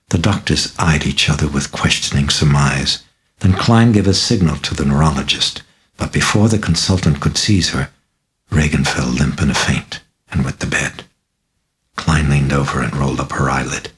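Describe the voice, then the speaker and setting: Very deep-voiced man reading an audiobook. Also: poor audio. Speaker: author reading his book. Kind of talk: audiobook narration.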